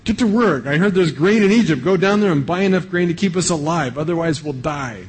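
A man's voice: a little high, animated, fairly quick, breathy edge, pitched above the performer's own voice. A man voicing an exasperated elderly father who scolds his grown sons in a raised voice. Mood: scolding.

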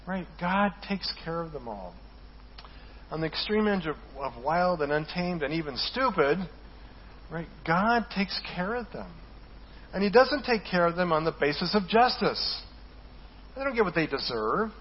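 A man's voice: on the high side, lo-fi sound, a little hiss or hum. A male pastor preaching in a conversational way, often tagging lines with "right?" and chuckling at his own jokes. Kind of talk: sermon.

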